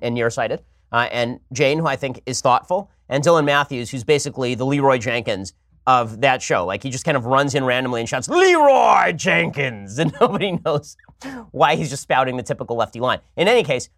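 Fast-talking, argumentative male commentator. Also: medium pitch, a bit bright, no echo, studio quality. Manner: rapid-fire, argumentative, sarcastic. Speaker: political talk show host. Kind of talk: political commentary monologue.

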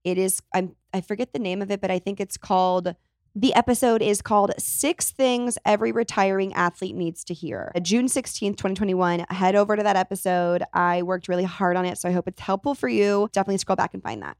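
A woman's voice: medium pitch, brisk, a little mellow, no echo, clean studio sound. A young woman in her twenties hosting a casual solo podcast, chatty and rambling, often correcting herself mid-sentence. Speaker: podcast host.

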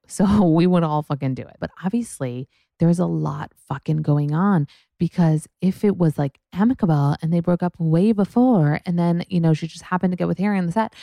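A woman's voice: sits low, gravelly, mellow, dry recording, clean studio sound. A young woman hosting a podcast, chatting frankly and profanely about celebrity gossip in a rambling way. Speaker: podcast host. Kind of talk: casual gossip chat.

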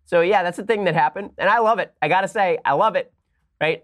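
A man hosting a political podcast, reading an ad and giving sarcastic, animated commentary. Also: sits high, a little fast. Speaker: podcast host. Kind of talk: fast political commentary with ad read.

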